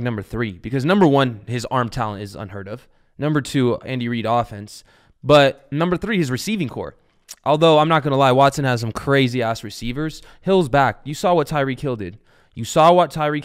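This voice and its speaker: Hosting a fantasy football podcast, a young man keeps the chat casual and rambling, animated, with the odd casual swear. He moves from energetic bursts to low asides in a voice that's smooth and clear.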